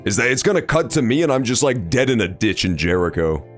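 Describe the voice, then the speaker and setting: A young man streaming a game, reacting loudly and swearing often in casual commentary. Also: medium pitch, quick pace, soft background music. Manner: animated, reactive, swears often, loud outbursts. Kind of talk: let's play commentary.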